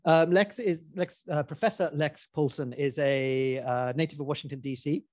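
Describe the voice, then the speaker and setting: A man's voice: on the high side, normal speed, a little mellow, dry recording, studio quality. A man co-hosting a live event, introducing a guest hesitantly with many fillers. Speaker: podcast co-host. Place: library event room, live audience.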